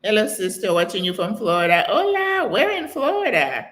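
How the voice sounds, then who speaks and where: An older American woman hosting a live question-and-answer stream, reading viewer comments aloud and telling stories in a chatty, animated way. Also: medium pitch, normal speed. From United States. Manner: chatty, animated storytelling with exclamations and laughter. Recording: echoey room sound.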